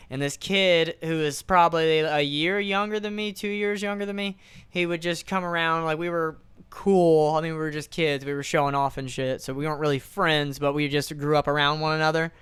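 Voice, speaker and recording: Young male podcast co-host, animated casual storyteller, clean dry close-mic sound. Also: fairly high pitch, clear, resonant tone, no echo. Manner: animated storyteller, acts out quotes, swears casually. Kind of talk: casual chat.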